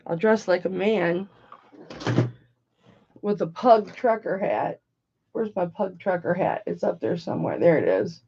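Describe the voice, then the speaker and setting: Gravelly-voiced woman hosting a jewelry auction. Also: on the low side, animated, a little slow, pauses often, mellow, highs cut off. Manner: chatty, bawdy joking while working. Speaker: online jewelry auction host. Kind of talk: casual livestream selling chat.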